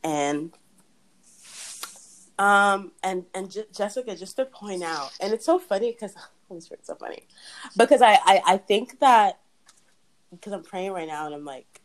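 A woman's voice: mid-range voice, expressive, moderate pace, pauses often, a little hiss or hum, low-quality recording. A young woman hosting a casual faith chat, talking in a chatty way with frequent laughs and restarts. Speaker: podcast host.

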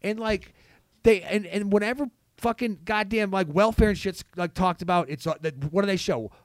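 A man in a casual podcast chat, rambling and heated with heavy swearing, saying he is high. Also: normal speed, dry recording.

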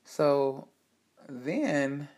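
A woman's voice: deep voice, expressive, very slow, darkish tone. A woman speaking straight to her audience in a candid personal monologue, heartfelt and emphatic, with frank swearing.

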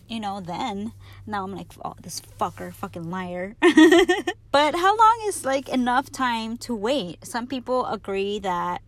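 A young adult woman hosting her podcast, telling candid stories in a casual, profane way and laughing often. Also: a little high. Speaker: podcast host. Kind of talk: casual storytelling monologue.

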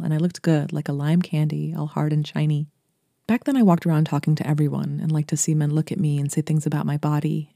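A woman from Brooklyn narrates a literary short story in a steady, intimate way. Her voice is deep-toned and mellow, and she moves briskly through the sentences. The sound is dry and close, with no room around it. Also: creaky, dry recording. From Brooklyn, New York. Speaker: podcast host and writer.

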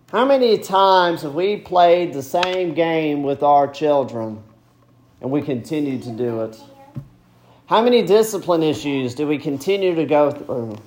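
A man preaching a sermon, slowing down and dropping his voice low to stress key words. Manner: slows down and drops low for emphasis.

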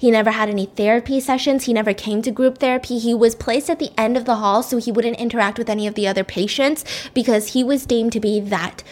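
A woman's voice: a little high, steady tone, fast talker. A woman host casually telling a scary story, chatty and swearing, slipping into the characters' voices. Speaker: podcast host.

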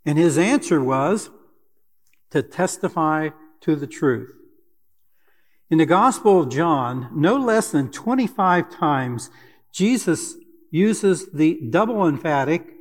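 An older man preaches a sermon in a fairly high voice, earnest and deliberate, pausing now and then with fillers. His voice carries a long reverb, as if heard in a church sanctuary. He speaks as a church elder addressing his congregation. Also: animated.

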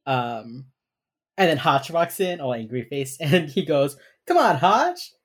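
A woman's voice: very deep voice, a little slow. A young woman co-hosting a podcast, chatting casually through a TV episode recap, swearing freely and acting out the characters' lines. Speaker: podcast co-host.

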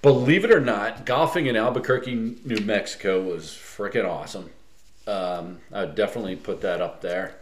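A man's voice: on the low side, normal speed, reverberant. A man co-hosting a podcast, talking in a laid-back way with lots of fillers and swearing. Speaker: podcast co-host. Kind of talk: casual chat.

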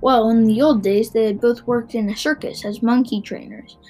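A woman reads a children's book aloud in a fairly high voice, shaping the sentences with expression. Now and then she trips on a word and starts it again. Soft music plays faintly behind her. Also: normal speed, poor audio. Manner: expressive, with small stumbles and restarts. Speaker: narrator.

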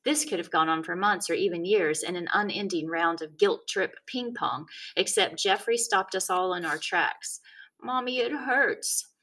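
A woman reading a chapter of a children's novel aloud, telling it in the first person with a wry, deadpan tone. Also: fairly low pitch, moderate pace, hardly any pauses. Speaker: audiobook narrator. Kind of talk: first-person storybook narration.

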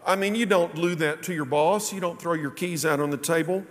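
A man with a fairly high voice preaches, weaving scripture into a personal story. He drops his voice low and quiet when he quotes others. The sound rings with the long reverb of a big hall. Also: a little fast.

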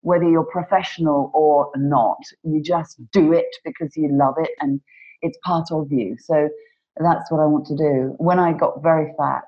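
Low-voiced woman, earnest storyteller. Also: steady tone, normal speed, muffled recording. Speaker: panel guest, performer. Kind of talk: casual conversation. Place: home during lockdown.

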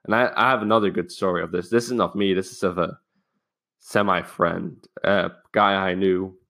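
A man's voice: low voice, steady tone, normal speed, bright, forceful tone. Rambling young man telling a story. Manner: rambling, swears freely, acts out quoted lines. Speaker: podcast host. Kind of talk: casual storytelling monologue.

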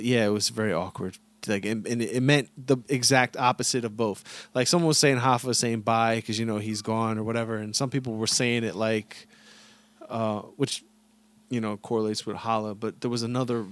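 A man's voice: mid-range voice, fairly even intonation, normal speed, a bit bright, no echo. A man co-hosting a podcast in casual chat, laid-back and joking, swearing offhandedly. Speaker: podcast co-host.

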